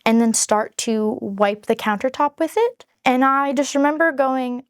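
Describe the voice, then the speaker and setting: A woman with a fairly high voice talks straight to camera in a casual, earnest vlog. She is frank and conversational as she tells her own story. The sound is dry and close, with little room echo. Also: slow. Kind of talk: candid personal storytelling to camera.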